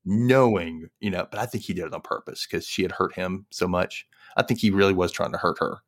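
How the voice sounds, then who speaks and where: A man in casual chat about a book, talking quickly and animatedly and acting out the characters' lines as he goes. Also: deep voice. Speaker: book discussion co-host.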